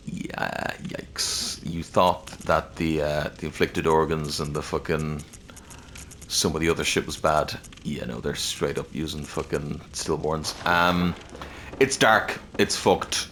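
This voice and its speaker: A man with a low, deep voice talks through a game as he plays it, loose and rambling. He swears constantly and keeps the tone off-the-cuff, like a casual let's-play commentary. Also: fairly bright tone, slight background noise. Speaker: gaming channel host.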